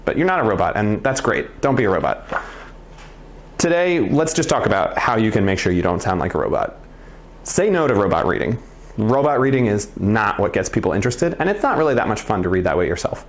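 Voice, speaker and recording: A man's voice: on the low side, very animated, brisk. A man teaching children to read with expression, in a playful and encouraging way. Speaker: reading teacher. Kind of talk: video reading lesson for children.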